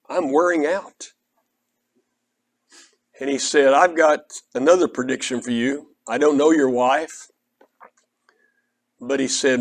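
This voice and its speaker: An older man with an Oklahoma Southern accent, preaching an earnest, conversational sermon that is built around a personal story. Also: mid-range voice. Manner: earnest, conversational, quotes others in dialogue.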